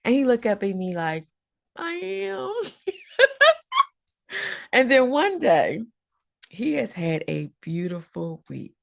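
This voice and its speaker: A woman, an educator telling colleagues a story about a student in an animated storytelling way and acting out the voices. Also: fairly low pitch, unhurried, gravelly. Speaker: educator and trainer. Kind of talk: storytelling talk to fellow educators.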